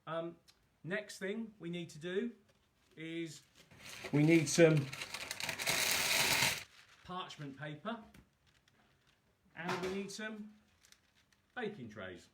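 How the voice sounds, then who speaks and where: A man's voice: on the high side, animated, slow pace, pauses often, heavy background noise. A man hosting a live cook-along, chatting casually and poking fun at himself as he talks viewers through each step. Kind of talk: casual live cooking demo.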